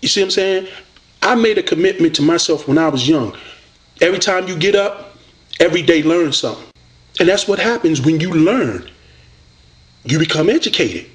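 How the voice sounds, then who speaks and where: A man rants straight at a rival, combative and preachy, with a mocking edge. His voice sits high for a man. His pitch swings widely as he presses each point. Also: animated, moderate pace, long pauses. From United States. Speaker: online debater addressing a rival. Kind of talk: confrontational video rant.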